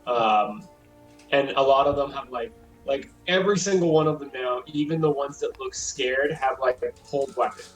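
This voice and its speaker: A man's voice: medium pitch, normal speed. A young man narrating as game master in a rambling way, full of fillers. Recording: roomy sound with faint music.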